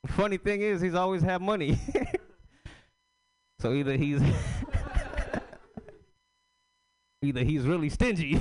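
A man's voice: on the high side, takes it slowly, long pauses, a little mellow. A man performing a casual stand-up story, slangy and laughing at his own jokes. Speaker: stand-up comedian at open mic.

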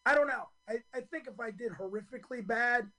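A hoarse man in his fifties, a stand-up comedian telling his story in a radio interview, earnest and full of ums and restarts. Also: very high voice, a little fast, pushed and bright, rough recording.

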